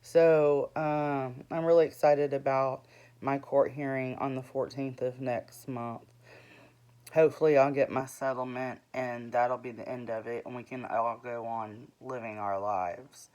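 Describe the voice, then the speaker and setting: A woman's voice: a bass voice, a little mellow. A woman in her forties, an author giving a rambling, earnest vlog update about her books, full of ums and restarts. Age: 40s. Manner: earnest, plain-spoken.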